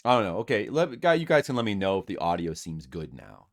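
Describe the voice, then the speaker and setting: A man's voice: fairly low pitch, very animated, quick pace. A man streaming a game, rambling and self-deprecating as he chats with his viewers. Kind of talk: casual live-stream chat.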